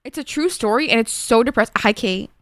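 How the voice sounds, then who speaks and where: A woman's voice: a little high, expressive, a little fast, fairly bright tone, no room sound. A young woman streamer chatting casually with her viewers, emotional and swearing freely. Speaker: live streamer.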